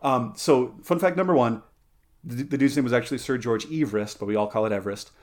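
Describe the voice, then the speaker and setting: A man's voice: mid-range voice, lively intonation, a little fast. A man hosting a casual podcast chat, playful and rambling, with lots of fillers, self-corrections and side tangents. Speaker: podcast host.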